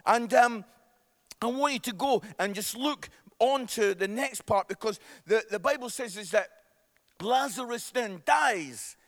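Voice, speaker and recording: A middle-aged man with a Scottish accent preaches to his congregation in a very high voice. He is lively and playful, teasing the room and checking in with a quick "yeah?" between points. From Scotland. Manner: lively, jokey with the congregation, tag questions like "yeah?". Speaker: pastor. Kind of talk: sermon.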